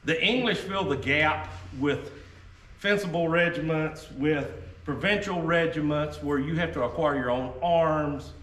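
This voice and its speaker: Unhurried and slightly high-pitched, with a bit of brightness, a Southern-accented man gives a casual, folksy talk on muskets to reenactors. "Okay?" keeps popping up as he checks in with them. It's recorded on a far-off mic, echoey and faintly noisy.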